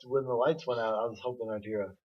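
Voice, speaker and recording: A young man co-hosting a casual review chat, easygoing and halting, often saying yeah. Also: mid-range voice, fairly even intonation, slightly rough. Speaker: show co-host. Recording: dull lo-fi home recording.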